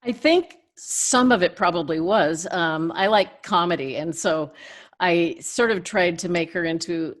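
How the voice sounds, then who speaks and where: A woman's voice: lowish voice, unhurried. An older woman, a guest in an interview, telling chatty stories with frequent laughs. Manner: chatty, laughs between anecdotes. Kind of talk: casual interview storytelling.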